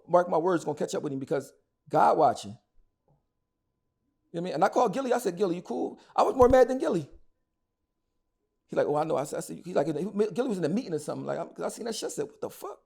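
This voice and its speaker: A man's voice: on the high side, creaky, warm tone, husky. A man, talking bluntly and heatedly as an interview guest, often repeating words as he goes. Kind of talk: casual interview talk.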